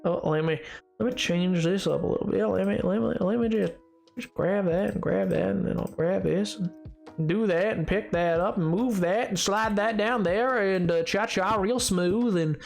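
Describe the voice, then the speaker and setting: High-voiced man chatting on a game stream. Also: normal speed, vocal fry, soft background music. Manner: rambling and playful, stumbling over restarts while reading chat. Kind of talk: casual live-stream chat while gaming.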